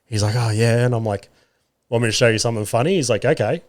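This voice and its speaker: A man's voice: mid-range voice, fast. Laughing Australian man telling family stories. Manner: animated, swearing, laughing storyteller. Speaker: podcast host. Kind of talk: casual storytelling.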